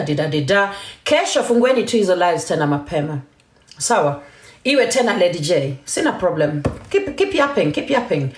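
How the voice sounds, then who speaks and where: A woman's voice: fairly low pitch, roomy sound. A woman from Kenya hosting a live stream, talking emphatically and defiantly, mixing English and Swahili. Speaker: TikTok live host. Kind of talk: heated live-stream rant.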